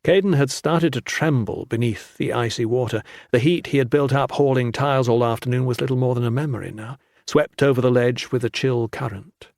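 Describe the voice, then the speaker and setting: A man reading a fantasy audiobook in measured, even scripted narration. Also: mid-range voice, no room sound, clean studio sound.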